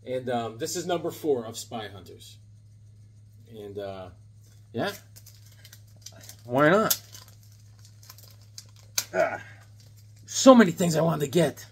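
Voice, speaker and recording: A man's voice: medium pitch, big pitch swings, takes it slowly, pauses often, breathy edge. A man in his seventies chatting casually and enthusiastically while showing off his haul of old comic books, rambling and joking as he goes. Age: 70s. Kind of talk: casual haul video chat.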